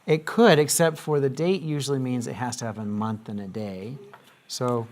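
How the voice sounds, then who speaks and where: A man's voice: mid-range voice, normal speed, darkish tone. A man teaching a classroom lesson, patiently asking questions and having students repeat after him.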